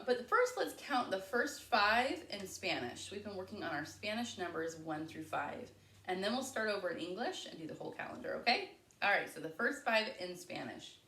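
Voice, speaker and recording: A woman preschool teacher leading a circle time lesson for young children, speaking in a slow, clear, encouraging sing-song way. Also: mid-range voice, lively intonation, fairly bright tone, far from the mic. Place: home. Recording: echoey room.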